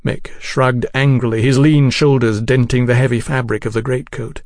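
A man narrating a novel in a measured, descriptive way. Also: mid-range voice, steady tone, vocal fry, no room sound, clean studio sound. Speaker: audiobook narrator. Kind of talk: scripted narration.

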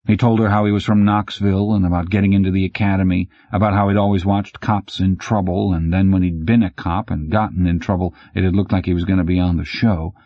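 A man narrates a novel in a steady, even way. His voice is very low, dark and husky. The recording is dry and dull, with a lo-fi sound. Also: quick pace, hardly any pauses, dry recording. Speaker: audiobook narrator. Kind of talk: scripted narration.

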